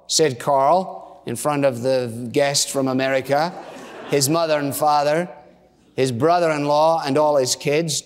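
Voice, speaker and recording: Speaking a little high and a little slowly, a middle-aged pastor tells his sermon like a story, chatting with casual asides. The church setting gives the recording a long reverb.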